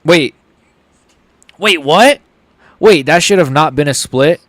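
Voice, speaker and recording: A young man hosting a casual live reaction stream. He swings between mumbled asides and loud, excited outbursts. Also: fairly high pitch, takes it slowly, no room sound. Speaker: host.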